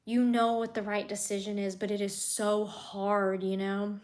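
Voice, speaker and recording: A woman, an animal keeper chatting casually on a live stream and reading comments, heartfelt and soft-spoken, often sinking to a near whisper. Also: mid-range voice, flat delivery, a little slow.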